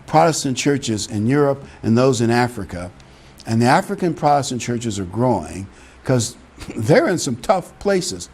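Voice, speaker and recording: Man, pastor, sermon, conversational, very lively intonation, middle-aged. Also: mid-range voice. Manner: conversational preaching with rising emphatic peaks.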